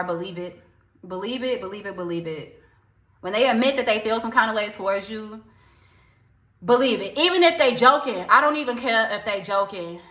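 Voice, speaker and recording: A woman's voice: fairly high pitch, sharp tone. Candid woman in an echoey room. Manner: candid, repeats phrases for emphasis, addresses viewers directly. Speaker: vlogger, spiritual healer. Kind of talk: casual storytime monologue.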